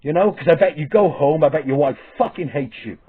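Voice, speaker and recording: A man's voice: a little high, breathy edge. A man with a heated, profane, stop-start manner, ranting to camera through tinny phone-like audio. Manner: swearing, heated, halting restarts. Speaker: vlogger. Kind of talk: angry profane rant.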